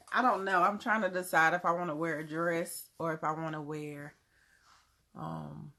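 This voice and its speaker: Reading comments on her casual live chat, this livestream host, who is from Germany, answers viewers in a Southern US accent, laughing frequently. Her voice is lowish, gravelly and a bit bright, and her speech drops words with loose grammar.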